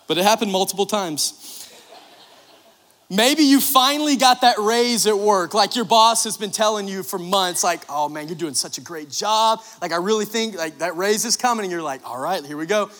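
A man's voice: sits high, moderate pace, fairly bright tone. A man in his thirties preaching a sermon, telling personal stories in a chatty way and often asking "right?". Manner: chatty storytelling with frequent "right?" and "like". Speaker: pastor. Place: church sanctuary. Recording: long hall reverb.

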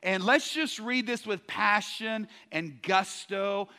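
A man preaching a sermon to a congregation, energetic and joking, often stumbling into quick restarts as he talks. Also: high-pitched, clear, resonant tone. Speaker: pastor. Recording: long hall reverb.

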